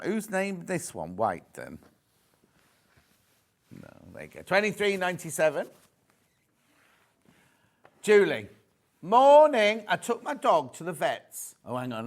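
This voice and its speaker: Chatty man with a lively voice, live TV selling. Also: on the high side, unhurried, creaky, pauses often. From United Kingdom. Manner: chatty, jokey, reads out viewer messages. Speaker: shopping channel presenter. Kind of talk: live TV sales presentation. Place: TV studio.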